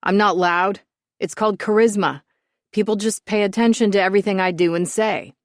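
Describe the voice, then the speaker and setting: A woman's voice: mid-range voice, fairly even intonation, a little fast, no room sound, studio quality, natural voice. A woman voicing Roger, a cocky, joking young man. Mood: boastful. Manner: breezy, joking, bossy. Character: cocky, teasing young man who loves attention.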